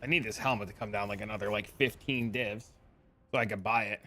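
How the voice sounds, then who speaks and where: A man's voice: on the low side, fairly even intonation, fairly quick, sharp tone, a little hiss or hum. A young man streaming a game, chatting loosely with viewers in slangy, casual talk. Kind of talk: casual live-stream chat.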